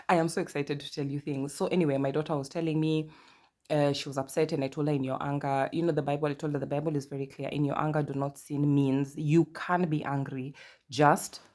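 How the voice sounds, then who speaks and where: A woman from Kenya with a Kenyan accent, in her thirties, hosting a casual podcast and telling stories with lively asides. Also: low voice, brisk. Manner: chatty, animated storytelling with asides and quoted dialogue. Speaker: podcast host. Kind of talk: casual personal monologue.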